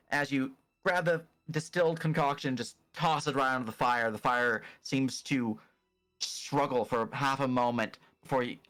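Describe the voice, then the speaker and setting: A man running a tabletop game as game master, narrating in an unhurried, descriptive way with small fillers. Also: mid-range voice, a bit bright.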